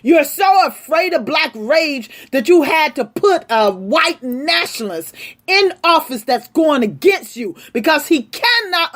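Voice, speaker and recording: Fiery, high-voiced woman ranting. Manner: angry, forceful, addresses the audience directly. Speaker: vlogger. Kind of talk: impassioned direct-to-camera rant.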